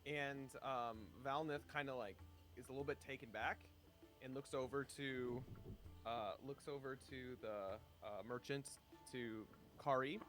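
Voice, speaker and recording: A man playing a tabletop game, chatting in a relaxed way as he describes his character's actions. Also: mid-range voice, a little slow, faint music behind. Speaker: player.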